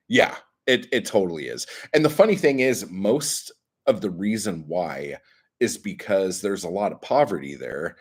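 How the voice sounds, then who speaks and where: A livestream host with a low, darkish voice delivers a heated rant, reacting to chat comments. He sounds exasperated and swears freely.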